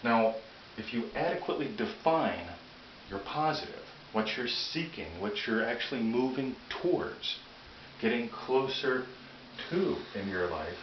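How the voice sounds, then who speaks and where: A man's voice: medium pitch, animated, measured pace. A man hosting a motivational talk, earnest and prone to restarting his phrases. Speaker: motivational video host. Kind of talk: whiteboard-style motivational talk. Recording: echoey room, dull lo-fi audio with faint hiss.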